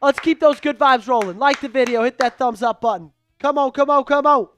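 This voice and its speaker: A man calling a game live for an online fan stream, hyped and pleading with his viewers, rising to shouts at big plays. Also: very high-pitched, a little fast, clear, resonant tone, no echo, faint music behind. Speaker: fan livestream play-by-play host. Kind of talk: excitable live play-by-play commentary.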